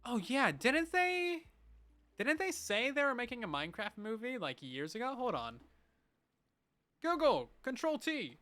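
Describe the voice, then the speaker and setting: A young man with a very high voice livestreams at a moderate pace, reading viewer messages. He's playful, animated and chatty, laughing frequently.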